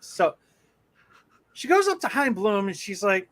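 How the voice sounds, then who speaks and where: High, bright-voiced man telling profane stories. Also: normal speed. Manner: rambling, profane, animated storyteller. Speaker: podcast co-host. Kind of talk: casual chat, anecdote telling.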